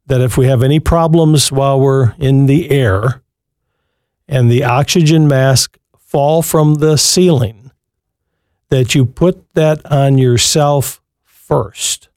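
Male call-in radio host, earnest and encouraging, warm mellow tone, dry studio sound. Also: medium pitch, no room sound. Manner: earnest, encouraging, repeats and restarts phrases. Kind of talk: live Christian radio call-in advice.

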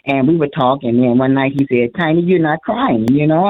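An older woman on a tinny phone line tells her story in a halting, emotional way, starting sentences over and over. She comes from Illinois and speaks as a caller to a radio talk show. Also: sits low. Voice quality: emotional, rambling with many restarts. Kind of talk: call-in radio conversation.

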